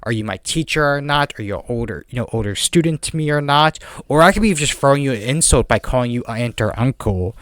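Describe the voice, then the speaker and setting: A man's voice: mid-range voice, animated, fairly bright tone, no echo. A man with a heavy non-native accent, chatting casually as a podcast host, rambling with lots of fillers and restarts. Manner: rambling, fast talker with many fillers and restarts. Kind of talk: casual chat.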